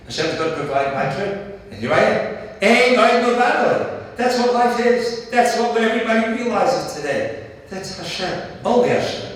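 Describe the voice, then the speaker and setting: A man's voice: high voice, expressive, normal speed. A middle-aged man giving a speech at a dinner. He tells personal stories earnestly and repeats key phrases for emphasis. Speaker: dinner speaker. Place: large banquet hall. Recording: echoey hall, voice from far off.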